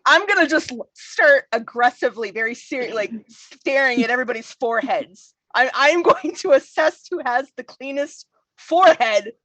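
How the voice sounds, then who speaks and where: A woman's voice: high voice, expressive, normal speed, fairly bright tone, no room sound, rough recording. A woman playing a tabletop game, talking in a giggly, playful way. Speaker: player. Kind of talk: casual tabletop role-play.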